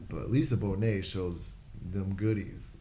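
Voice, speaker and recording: A man's voice: sits low, unhurried, warm tone, slight background noise. A man co-hosting a podcast, talking in crude, joking banter with friends. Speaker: podcast co-host. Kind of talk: casual banter among friends.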